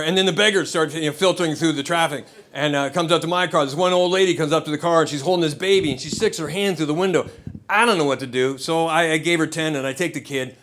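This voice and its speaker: A middle-aged American man tells a stand-up story from a comedy club stage. His voice sits high for a man, and he rambles and restarts on his way to the punchline. His delivery is blunt and unfiltered. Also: background noise. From United States. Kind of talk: stand-up set.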